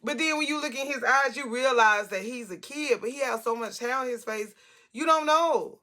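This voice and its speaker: A woman in her forties telling a casual storytime vlog, animated, talkative and blunt, with salty language. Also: high-pitched, moderate pace.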